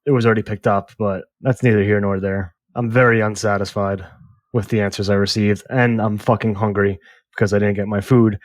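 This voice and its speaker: A man co-hosting a movie podcast, telling an exasperated story in casual, animated chat with some swearing. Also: on the low side, fairly quick, dry recording, clean studio sound. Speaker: podcast co-host.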